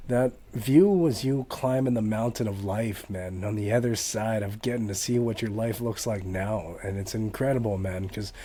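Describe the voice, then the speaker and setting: Male podcast host, low mellow voice, warm and encouraging. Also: normal speed, hardly any pauses, slight background noise. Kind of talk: casual conversation.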